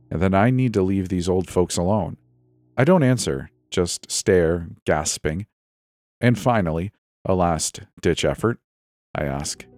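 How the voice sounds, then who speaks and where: A man's voice: deep voice, a little mellow. A man telling a first-person horror story in a tense, breathless, dramatic way. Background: faint music.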